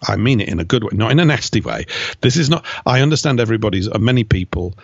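A man's voice: lowish voice, lively intonation, fast, gravelly, slightly rough, no echo, dull audio. A man giving emphatic, opinionated answers as an interview guest, with mocking asides. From Britain.

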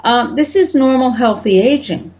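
A woman in her seventies, a doctor as interview guest, telling lively anecdotes. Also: a little high, moderate pace. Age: 70s. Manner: lively anecdotes, mimics shouting voices. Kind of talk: interview storytelling.

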